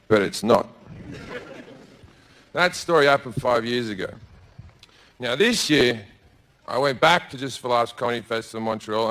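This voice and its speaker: Here a male comedian performs stand-up storytelling in a large theatre with a live crowd, loud-mouthed and profane, breaking into character voices as he goes. His voice is a little high and fairly bright in tone.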